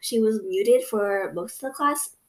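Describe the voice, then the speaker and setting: Young woman, casual podcast storytelling, rambling, lots of fillers, medium pitch. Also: unhurried, a little mellow. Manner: rambling, fillers like "like", quoting others. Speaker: podcast co-host.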